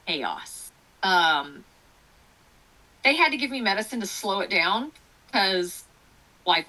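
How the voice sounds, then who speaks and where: A woman's voice: mid-range voice, poor audio. A woman guest author chatting in an interview, telling stories with lots of laughter and fillers. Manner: animated storytelling, laughing often, many fillers. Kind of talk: casual interview chat.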